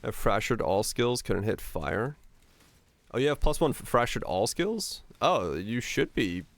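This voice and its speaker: A man with a neutral American broadcaster-like accent, livestreaming and chatting casually in a relaxed, rambling way. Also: medium pitch, a little slow, no room sound. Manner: relaxed, rambling, many fillers. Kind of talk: casual chat while gaming.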